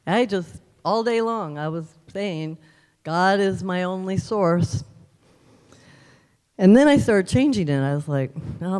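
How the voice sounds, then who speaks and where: Woman, 50s, church testimony, earnest storyteller, warm mellow tone, reverberant sanctuary. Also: sits low. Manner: earnest storytelling, emphatic repetition. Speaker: church practitioner giving a testimony. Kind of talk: personal testimony at a church service.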